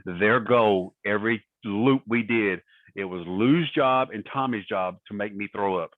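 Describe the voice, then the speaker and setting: A man's voice: fairly low pitch, a little slow, dry recording. Man telling stories over a phone line. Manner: profane, laughing anecdotes. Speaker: podcast guest. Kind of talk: casual storytelling. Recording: tinny phone-line sound.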